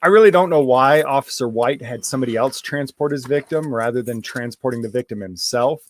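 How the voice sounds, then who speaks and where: A man's voice: medium pitch, a little fast, slight background noise. A man giving sarcastic, critical voice-over commentary on video footage.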